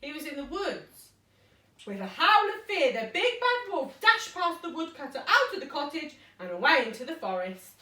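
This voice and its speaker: A woman reading a bedtime story to her children in a playful, animated way, stopping to chat with them. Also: sits high, normal speed. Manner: animated and playful, chatting with the kids. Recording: echoey room, mic far off.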